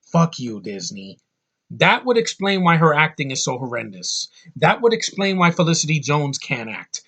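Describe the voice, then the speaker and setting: A man's voice: a little high, sing-song, normal speed, fairly bright tone, husky. A man giving an angry, profane film review, full of sarcastic asides. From United States. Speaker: movie reviewer.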